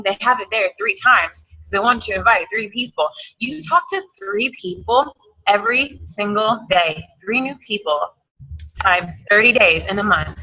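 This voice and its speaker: A woman's voice: mid-range voice, normal speed, sharp tone, dull audio. A woman giving an emphatic, hyped motivational talk on a team call, repeating her points. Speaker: team coach.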